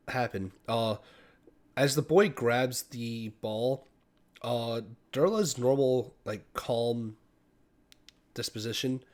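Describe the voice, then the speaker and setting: Casual man narrating as game master. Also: medium pitch. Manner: casual, many fillers and restarts while describing.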